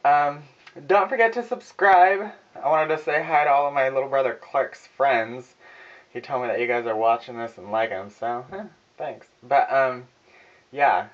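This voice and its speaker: A young man telling a sarcastic, profane story in a casual vlog from his home kitchen, filmed on a phone. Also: mid-range voice. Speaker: vlogger. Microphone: phone camera. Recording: dull phone recording.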